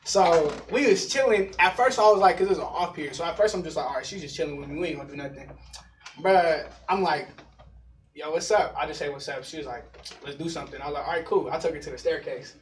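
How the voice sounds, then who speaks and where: A man's voice: a little high, quick pace. A young man in his teens telling stories casually in slangy talk, often laughing. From Denver area, USA. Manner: slangy, laughing, animated storytelling. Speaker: panel guest. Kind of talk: casual storytelling. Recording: roomy sound from far off the mic.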